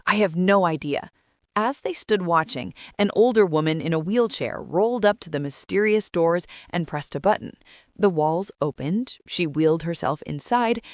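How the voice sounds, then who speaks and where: A woman reading jokes aloud in a brisk, scripted storytelling style. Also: lowish voice, darkish tone, no echo, studio quality. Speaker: joke teller. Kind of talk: scripted joke narration.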